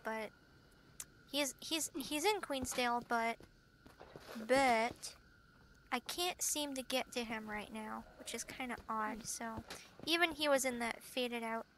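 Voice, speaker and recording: A woman casually commenting while she plays a game, chatty and excitable, often giggling. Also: fairly high pitch, noisy background. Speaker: gameplay channel host. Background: game music.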